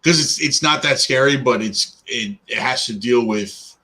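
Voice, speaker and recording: A man's voice: mid-range voice, normal speed, sharp tone. A man co-hosting a podcast who laughs a lot and teases his partner in casual chat. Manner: laughs a lot, teasing interjections. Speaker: podcast co-host.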